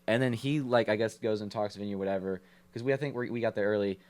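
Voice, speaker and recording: A man, a podcast guest and rapper, telling stories quickly and repeating "literally" and "like.". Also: lowish voice, a little mellow. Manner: quick, repetitive storytelling with "literally" and "like". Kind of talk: casual chat.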